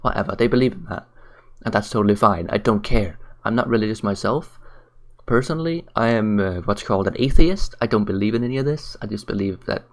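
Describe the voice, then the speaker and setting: Tired and up late, a man vlogs a ranting commentary on camera, mocking things bluntly and with plenty of profanity. His voice is lowish and fairly quick.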